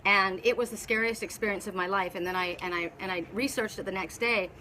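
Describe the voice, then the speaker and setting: A woman's voice: medium pitch, fairly even intonation, quick pace, pushed and bright, a little hiss or hum. A woman spiritual teacher talking casually on a live video, telling a story in a rambling way with many restarts. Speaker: spiritual teacher and oracle reader.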